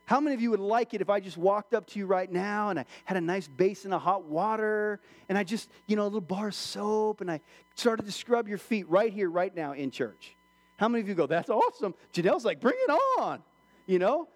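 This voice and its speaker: High-voiced male pastor preaching in a reverberant church. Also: a little fast. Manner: animated, acts out quoted voices. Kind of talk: sermon.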